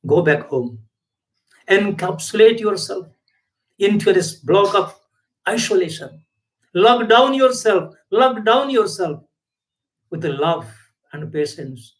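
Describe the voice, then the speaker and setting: A man voicing a loving, calm god who gently instructs caterpillars in a spoken parable. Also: high voice, slow pace, long pauses, recorded from a distance. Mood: gentle soothing. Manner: gentle, soothing commands.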